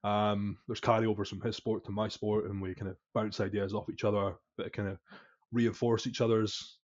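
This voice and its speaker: A young man, a podcast guest, answering questions in a measured, thoughtful way with many pauses. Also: lowish voice, flat delivery, darkish tone, lo-fi sound. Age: young adult. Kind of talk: casual interview answers.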